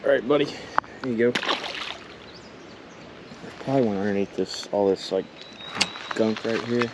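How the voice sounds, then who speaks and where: A man vlogging as he fishes a creek outdoors, excitedly talking to the fish he catches. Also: fairly low pitch, normal speed. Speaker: fishing vlogger. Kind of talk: casual outdoor commentary. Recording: outdoor camera audio with water noise. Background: running water and outdoor noise.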